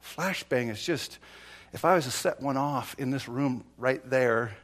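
A middle-aged man preaching a sermon, telling stories from his time as a police negotiator, dropping to a low confiding tone and then building to loud, rising exhortation. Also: a little slow. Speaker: pastor, former police negotiator. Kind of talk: sermon with storytelling. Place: church.

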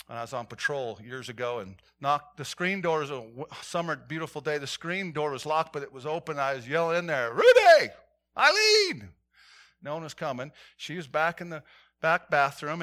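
A male pastor preaches a sermon to his congregation, telling stories with animation and shifting from loud calls down to hushed points. His voice is a little high.

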